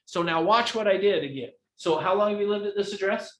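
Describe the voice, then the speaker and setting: Guy teaching a real estate class, kinda high voice, acts stuff out, echoey room. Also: a little fast, slight background noise. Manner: animated, acts out examples. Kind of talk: live training class. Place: training room.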